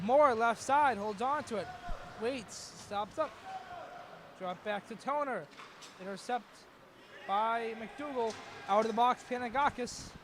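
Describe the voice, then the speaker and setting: Young guy doing hockey play-by-play, super high voice, gets loud on chances, lots of rink noise behind. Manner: rapid, excitable, rising to shouts on chances. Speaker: play-by-play commentator. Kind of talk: live hockey play-by-play commentary.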